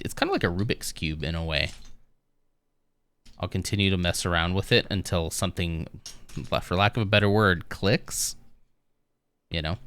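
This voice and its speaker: A man's voice: low-pitched, fairly bright tone, clear, resonant tone. A man streaming live, chatting casually with viewers in a rambling, easygoing way with lots of fillers.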